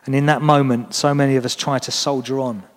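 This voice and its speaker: A man's voice: mid-range voice, level tone, fairly quick. A man preaching a sermon in a church, talking earnestly and encouragingly to the congregation. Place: church hall. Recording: long reverb of a church hall.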